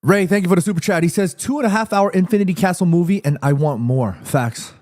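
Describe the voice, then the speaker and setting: A man hosting a live watchalong stream in casual chat, excitable, reading viewer messages aloud and swearing freely. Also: sits high, fast, faint music behind.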